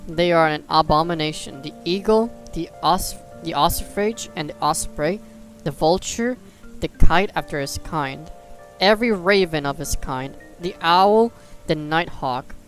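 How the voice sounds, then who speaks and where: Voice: mid-range voice, a little slow, a bit bright, faint music behind. A livestreamer reading scripture aloud in a casual way, tripping over old words and restarting. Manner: breaks off into joking asides.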